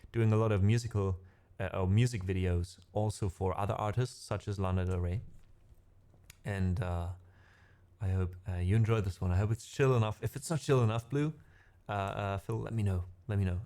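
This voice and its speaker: A man's voice: fairly low pitch, mellow. A middle-aged man with a German accent, a musician chatting casually with his stream viewers, rambling with lots of fillers. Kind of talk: casual chat with live chat.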